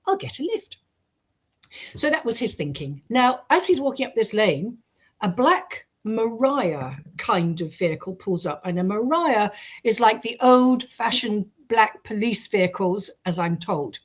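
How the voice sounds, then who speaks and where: A woman, a guest on a radio show, telling a story in a lively way and acting out the quoted voices. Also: medium pitch, a little slow, husky. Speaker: guest researcher. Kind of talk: storytelling in an interview.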